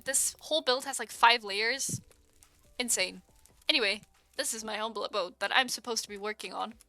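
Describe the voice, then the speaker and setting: Chatting casually with her viewers while she plays, a young woman streamer speaks at normal speed in a fairly high voice with no room sound. Frequent giggles and excited exclamations punctuate her talk.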